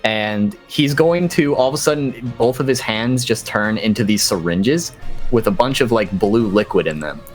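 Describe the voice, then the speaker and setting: A man's voice: on the low side, animated, normal speed, soft background music. A man narrating as dungeon master in a tabletop game, in a laid-back storytelling manner.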